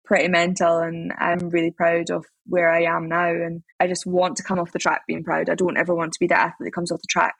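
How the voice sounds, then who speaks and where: A woman's voice: fairly low pitch, completely flat delivery, gravelly, no echo. A young woman, a podcast guest, talking in a rambling, upbeat way in a casual interview. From Scotland. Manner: rambling, upbeat, quick talker.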